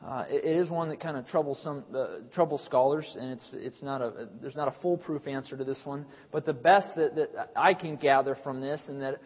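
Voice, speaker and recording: Man, preacher, expository sermon, emphatic peaks and low asides, long hall reverb, dull recording. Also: fairly quick, few pauses, breathy edge. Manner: rising to emphatic peaks when reading scripture, then dropping to a low aside.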